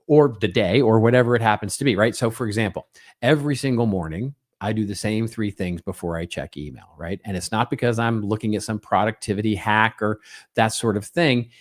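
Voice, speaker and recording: A middle-aged man hosting a podcast alone, talking in a conversational way, tagging his points with "right?" and acting out little quoted exchanges. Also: on the low side. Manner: conversational, frequent "right?" tags, acts out small quoted exchanges. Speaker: podcast co-host. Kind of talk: solo podcast monologue.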